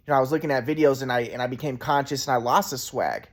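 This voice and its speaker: A man's voice: mid-range voice, fairly even intonation, fast talker. A man in his twenties telling a rambling personal story to the camera, repeating himself and restarting sentences. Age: 20s. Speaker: vlogger.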